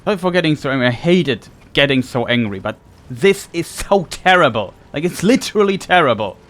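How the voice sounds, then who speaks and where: A man's voice: a little high, lively intonation, brisk, a bit bright. A man playing a video game and ranting in exasperation about its design, often stumbling and repeating words when upset. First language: German. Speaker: let's play gamer. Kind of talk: frustrated gameplay commentary.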